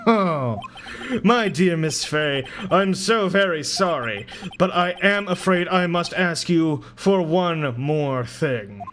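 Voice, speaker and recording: Picture a pompous, sneering rich villain voiced by a man in a video game. He stretches every word slowly and wraps his threats in false courtesy, with game music under him. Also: fairly high pitch, a bit bright. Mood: mock polite. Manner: slow, drawn-out, chuckling menace.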